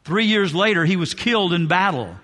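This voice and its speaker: A pastor preaching a sermon, driving points home with emphatic repetition. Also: male voice, high voice, a little fast, sharp tone, big-room sound. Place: church sanctuary.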